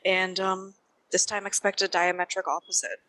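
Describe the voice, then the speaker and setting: A woman's voice: mid-range voice, flat delivery, moderate pace, sharp tone, no echo, poor audio. A woman introducing herself as a player of a tabletop game, casual and hesitant.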